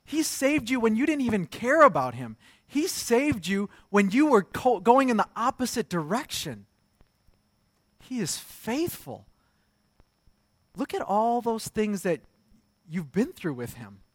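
A man's voice: high-pitched, very animated, a little slow, pauses often, fairly bright tone, no echo. A man in his thirties preaching a sermon, telling stories about his young sons in an easy, conversational way. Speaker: pastor.

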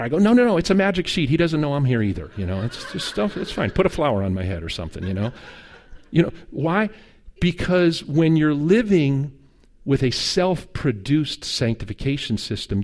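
A middle-aged man preaching a sermon as a pastor, telling stories with humor and acted dialogue. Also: mid-range voice. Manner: conversational storytelling with humor and quoted dialogue.

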